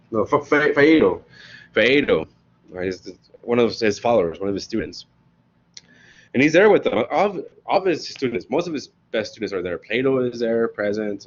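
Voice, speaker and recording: Guy lecturing a class, slangy and animated, keeps asking right?, kinda dull lo-fi recording. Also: on the low side. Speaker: professor.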